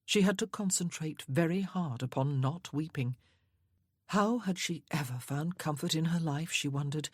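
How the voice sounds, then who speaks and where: A woman narrating an audiobook in a measured, even way. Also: low-pitched, husky, no echo, studio quality.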